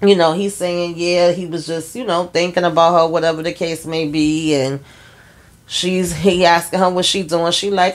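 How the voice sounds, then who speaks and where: A woman's voice: low-pitched, steady tone, moderate pace. A woman casually recapping a TV episode scene by scene, in loose, chatty storytelling with wry asides. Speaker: show recap vlogger.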